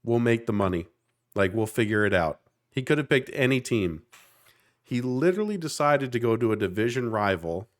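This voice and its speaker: A man, co-hosting a podcast in casual chat, earnest and animated. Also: medium pitch. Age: 30s. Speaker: podcast co-host.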